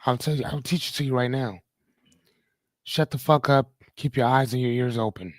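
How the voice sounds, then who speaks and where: A man's voice: mid-range voice, normal speed, dry recording. A middle-aged man hosting a live motivational podcast, talking straight to his audience in a blunt, preachy way with casual swearing. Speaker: podcast host.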